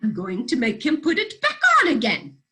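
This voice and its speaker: A woman's voice: on the high side, wildly swooping pitch, moderate pace, bright, forceful tone, full character voice. A woman voicing a vain, fussy rooster who complains in a crowing, aggrieved voice in a read-aloud storybook.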